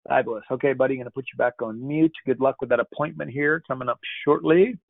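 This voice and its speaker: A man's voice: medium pitch, fast, creaky, no echo. A man hosting a casual video-call Q&A, upbeat and jokey, calling people buddy. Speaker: host of a software Q&A call. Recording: tinny phone-like call audio.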